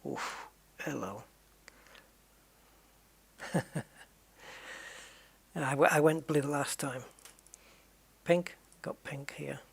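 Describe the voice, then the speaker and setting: A man's voice: on the high side, fairly even intonation, extremely slow, vocal fry, long pauses, slightly rough. A man streaming a racing game, musing aloud and chatting to viewers with jokey asides. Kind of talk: casual live-stream chat.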